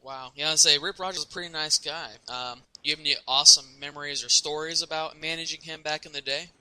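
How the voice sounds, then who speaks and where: A man's voice: a little high, fairly even intonation, quick pace, bright, forceful tone, smooth, poor audio. A man hosting a podcast, asking questions and giving short amused reactions in casual chat. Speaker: podcast host.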